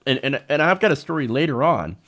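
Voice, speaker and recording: Man, political talk host, sarcastic, indignant, animated, mid-pitched voice. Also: fast talker. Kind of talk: live political commentary.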